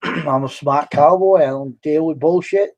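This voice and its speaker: A man's voice: a little high, measured pace, a little mellow. A man hosting a live stream, telling stories in casual chat in a blunt, boastful way. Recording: dull lo-fi stream audio.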